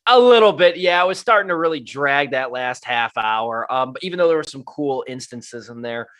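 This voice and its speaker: A man's voice: medium pitch, expressive, moderate pace, fairly bright tone. A man co-hosting a movie podcast as a film critic, talking in a casual, rambling way with lots of fillers and restarts. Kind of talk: casual movie review chat.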